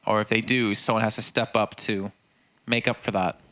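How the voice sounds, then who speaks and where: A man commentating live on an esports match in a measured, analytical way. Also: on the low side, little pitch movement, sharp tone.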